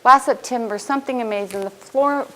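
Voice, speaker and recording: A woman's voice: a little high, a little fast, sharp tone, low-quality recording. A woman in her fifties, a student speaker at a graduation, telling her own story in an earnest, heartfelt prepared speech. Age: 50s.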